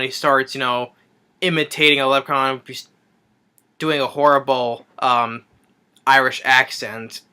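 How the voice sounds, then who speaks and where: A man's voice: medium pitch, bright, forceful tone, clear, resonant tone. A man giving a rambling, sarcastic movie review rant, recapping the plot with frequent restarts.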